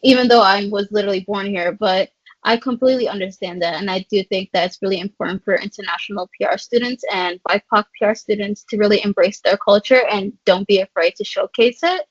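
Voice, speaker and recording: A woman's voice: mid-range voice, fairly even intonation, a little fast, no room sound, highs cut off. A woman co-host responding enthusiastically and affirmingly in a casual interview.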